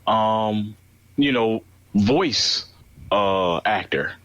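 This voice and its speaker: A man co-hosting a podcast, talking casually about films in halting phrases with many fillers. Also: fairly low pitch, a bit bright, no room sound, dull audio. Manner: halting, many "um" and "you know". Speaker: podcast co-host. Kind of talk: casual movie review chat.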